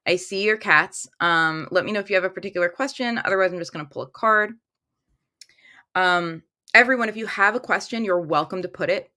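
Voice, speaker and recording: A woman's voice: lowish voice, a little fast, pushed and bright. A woman hosting a casual tarot livestream from a room at home, talking into her phone, chatty and upbeat as she reads viewer comments aloud.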